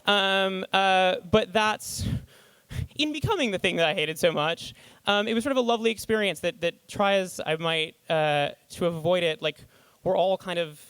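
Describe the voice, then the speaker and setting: Man, higher register, dry close sound. A writer on stage spinning a funny self-deprecating anecdote, animated. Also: clear, resonant tone, no echo. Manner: animated, thinking aloud. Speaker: writer giving a stage talk. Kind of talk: storytelling talk to a live audience.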